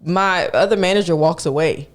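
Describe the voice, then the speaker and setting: A man's voice: fairly high pitch, moderate pace. A young man hosting a podcast, telling a work story in a casual, chatty way and acting out the people in it. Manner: animated, acts out the people in his stories; colloquial, chatty. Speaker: podcast host.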